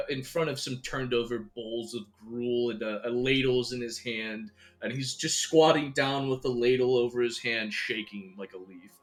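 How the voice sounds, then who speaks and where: A male dungeon master narrating a tabletop game. He hesitates often and restarts his sentences, and his voice sits at a middle pitch. Guitar music plays behind him. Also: fairly bright tone. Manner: halting, full of fillers and restarts.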